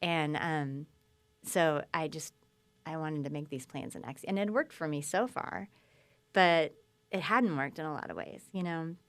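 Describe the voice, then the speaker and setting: A woman guest telling her story in conversation, lively and acting out quoted speech. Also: deep voice, unhurried. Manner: animated, acts out quoted speech.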